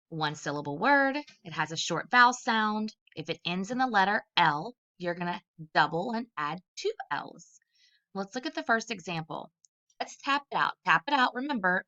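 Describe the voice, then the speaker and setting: A woman teaching early readers, her voice bright and slightly lower than most. She talks in a clear, deliberate way and sounds out each letter slowly. The recording is dull and lo-fi. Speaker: literacy specialist. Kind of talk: early-grade phonics lesson.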